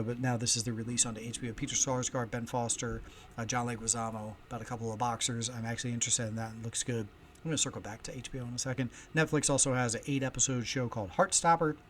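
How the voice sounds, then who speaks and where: A man hosting a casual solo podcast from home, chatty and storytelling, with loudness that swings often. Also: medium pitch, steady tone, fast, slight background noise. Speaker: podcast host. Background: faint ambience of heating and kids upstairs.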